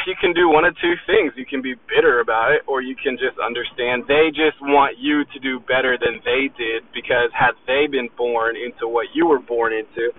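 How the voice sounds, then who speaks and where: A man in his twenties rants about drive and success, swearing often and boasting in an intense, combative way. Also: mid-range voice. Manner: profane, intense, boastful, keeps asking "you know?". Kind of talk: motivational rant to camera. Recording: tinny phone-like audio with faint noise.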